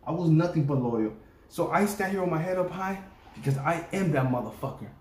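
A man's voice: a little high, animated, a little fast, a little mellow. Emotional man pouring his heart out, echoey room. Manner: raw, heartfelt, repeats himself for emphasis. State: on the verge of tears. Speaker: reaction video co-host. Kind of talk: emotional casual reaction talk. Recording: roomy echo, faint background noise.

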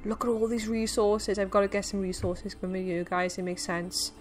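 A woman's voice: medium pitch, fairly even intonation, normal speed, a little hiss or hum. A young woman casually commenting on her own gameplay, easily frightened and poking fun at herself. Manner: jumpy, squealing when scared, self-mocking. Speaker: gaming streamer. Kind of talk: casual let's-play commentary.

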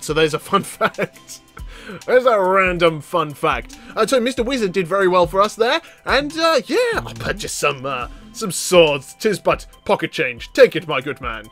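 A man commentating on a let's play in a chatty, excitable way, laughing often. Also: high-pitched. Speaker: gaming video host.

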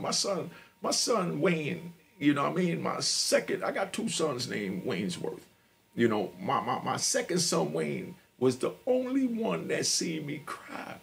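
A man's voice: medium pitch, gravelly, breathy edge. A middle-aged man telling his personal story as a podcast guest, emphatic and streetwise, speaking straight to his listeners.

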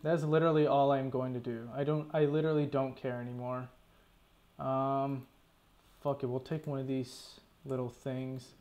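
A man's voice: medium pitch, flat delivery, moderate pace, a little mellow. A man casually commentating his own gameplay, talking to himself, stressed, annoyed and swearing often. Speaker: gaming channel host. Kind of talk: casual let's play commentary.

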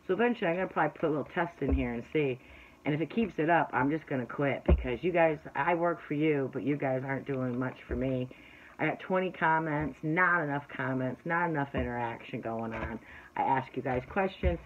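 A woman's voice: low voice, a little fast, phone-quality sound, slight background noise. A woman vlogger and shop owner chatting through an unboxing haul. She rambles, talks straight to her viewers and sometimes slips into an exasperated rant.

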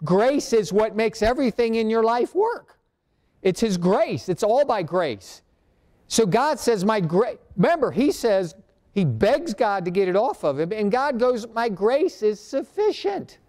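A man's voice: high-pitched, big pitch swings, a little slow, a little mellow. A male pastor preaching a sermon, firing questions at the congregation and making sarcastic asides. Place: church.

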